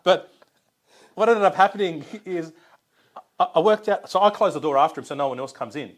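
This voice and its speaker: A man co-hosting a podcast, telling lively anecdotes with laughs in casual conversation. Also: high voice, fairly quick. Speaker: podcast co-host.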